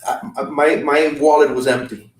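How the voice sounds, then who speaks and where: A man as a guest, recounting an emotional trip in halting casual talk with many restarts. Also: fairly high pitch, flat delivery. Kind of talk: casual storytelling. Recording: roomy sound from a distant mic.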